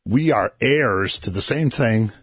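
A man with a lowish, husky voice speaks slowly but with lively intonation. He hosts a Christian radio show and earnestly explains a Bible passage to listeners and his co-host in a conversational teaching style, building emphasis as he goes.

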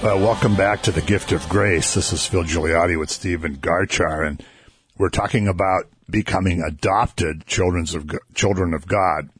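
A man's voice: low voice, fairly even intonation, normal speed, soft background music. A man hosting a Christian radio show, earnestly explaining a Bible passage to listeners and his co-host. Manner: earnest, explanatory, builds emphasis. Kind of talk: conversational Bible teaching.

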